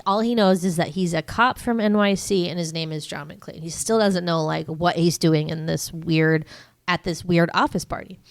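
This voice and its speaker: Woman on a podcast, kinda low voice, rambly and jokey, lots of ums. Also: steady tone, normal speed. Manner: rambling, filler-heavy, jokey asides. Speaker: podcast co-host. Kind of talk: casual movie recap chat.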